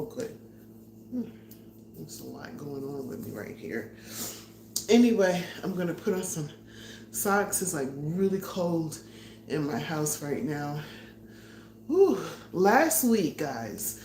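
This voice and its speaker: A chatty, excitable middle-aged woman talks to her live chat while she gets ready to cook, a little out of breath and quick to laugh. Her voice sits on the low side for a woman. The sound is roomy and echoey, recorded from a tripod-mounted camera, with a faint hum underneath. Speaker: vlogger hosting a live cooking stream. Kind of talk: casual live-stream chat. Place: her home kitchen. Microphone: phone or camera on a tripod.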